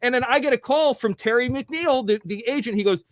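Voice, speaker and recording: High-voiced guy hosting, blunt and swears a lot, rattles off stories, dry sound. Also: dry recording. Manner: blunt storyteller, swears, fast bursts. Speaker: host. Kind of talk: casual interview chat.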